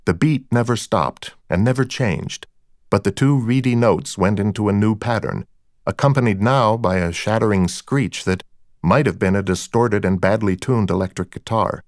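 A man's voice: on the low side, normal speed, no room sound, studio quality. Man narrating a wry audiobook. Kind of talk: first-person audiobook narration.

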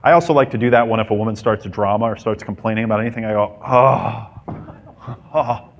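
A man's voice: lowish voice, steady tone, very fast, lo-fi sound. A man giving a playful dating-advice talk to a live group, acting out little scenes as he goes. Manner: playful, mimics women and acts out scenes. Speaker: dating coach.

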